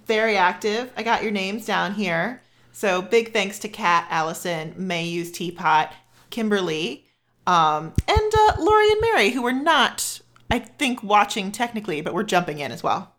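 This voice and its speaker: Upbeat female podcast host, mid-pitched, chatty and friendly. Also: sing-song, normal speed, a bit bright. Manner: upbeat, reads listener tweets aloud with many "um"s. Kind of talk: casual chat.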